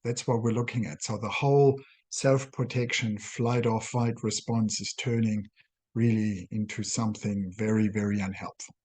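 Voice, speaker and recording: Husky man explaining in measured phrases. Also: fairly low pitch, level tone, a little mellow. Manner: measured, halting delivery in short phrases with self-corrections. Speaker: clinical psychologist. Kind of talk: explanatory talk to camera.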